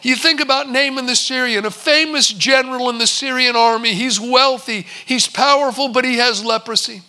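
A man's voice: very high voice, moderate pace, few pauses, pushed and bright. A man preaching a sermon as pastor, telling Bible stories and his own experiences with vivid retold dialogue. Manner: storytelling, acts out servants and a visitor in quotes.

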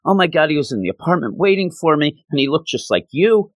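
A man voicing a frightened young woman who pleads in a rushed, breathless way while retelling a comic book story. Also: a little high, a bit bright, no room sound. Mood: panicked.

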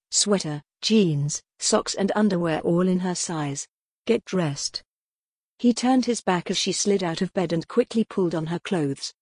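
A woman narrating a novel in a measured, even way. Her voice is low. The recording is dry and close. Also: husky, dry recording. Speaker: audiobook narrator. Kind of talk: scripted narration.

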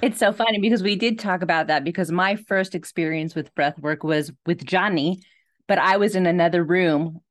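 A woman's voice: fairly low pitch, normal speed, no room sound, clean studio sound. A woman in a casual conversation telling a story expressively and acting out her own reactions.

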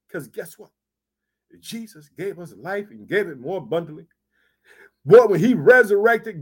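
A fervent man preaching. His voice sits high for a man. He reads a verse, then presses it home with eager asides and calls of praise. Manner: fervent, repeats verses, exclaims "hallelujah" and "check it out". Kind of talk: sermon, reading and expounding scripture.

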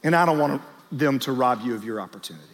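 A man's voice: medium pitch, fast talker. A man preaching a sermon to church leaders as their pastor, telling stories with energy and speaking straight to the crowd in a large church auditorium. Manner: animated storytelling, talks straight to the crowd. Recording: long reverb of a large church hall.

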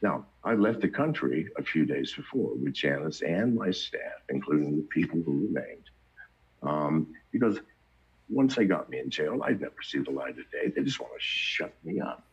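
A man's voice: rumbling low, big pitch swings, normal speed, darkish tone, husky. An older man telling his story in casual, blunt, profane talk, chuckling between anecdotes. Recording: dull lo-fi recording.

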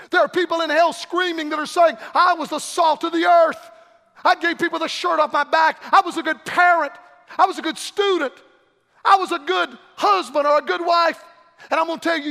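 A man preaching an impassioned revival sermon, swinging from shouted pleas to low, hushed warnings. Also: gravelly, big-room sound.

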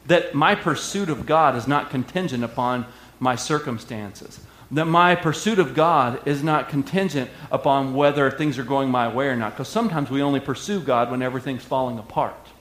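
A male pastor preaching a sermon with energetic call-and-response delivery. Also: medium pitch. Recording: echoey hall.

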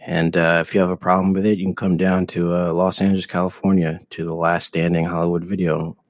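A man co-hosting an improvised comedy interview, blunt and provocative with a deadpan delivery. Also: low voice, a little fast, dry recording, clean studio sound.

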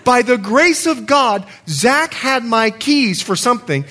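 A middle-aged pastor with a very high-pitched, unhurried voice preaches a sermon in church. He tells animated stories and acts out the people in them, voicing their quotes.

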